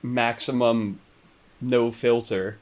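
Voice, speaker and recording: A man's voice: mid-range voice, steady tone, slow pace, a little mellow. A man hosting a podcast in casual chat, dropping dry, teasing remarks. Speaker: podcast host.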